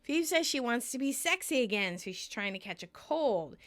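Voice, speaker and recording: Animated woman recapping with her co-host. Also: a little high, moderate pace. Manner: animated, acts out quoted lines. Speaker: podcast co-host. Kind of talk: casual episode recap chat.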